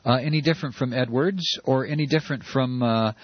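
A man's voice: medium pitch, fairly quick, breathy edge, no room sound, lo-fi sound. An American man hosting a political call-in radio show, talking in a heated, sarcastic way with lots of fillers. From United States. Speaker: radio talk show host. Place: Georgia, United States.

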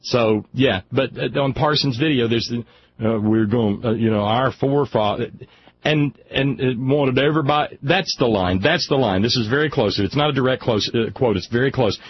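A man's voice: medium pitch, normal speed. A man hosting a political talk radio show, heated and stammering, restarting sentences often. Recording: slightly dull radio audio with faint noise.

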